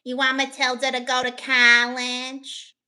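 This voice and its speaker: A woman's voice: high voice, monotone, pushed and bright, exaggerated voice. A woman doing a smug, snobbish mother. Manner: drawling, smug, slow and mocking. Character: vain snobbish rich mother sneering at a teacher.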